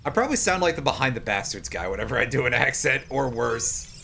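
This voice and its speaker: A man's voice: mid-range voice, sing-song, quick pace, vocal fry, background noise. A man in his thirties chatting casually while streaming a video game, joking and laughing at himself. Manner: jokey, self-deprecating, laughs often.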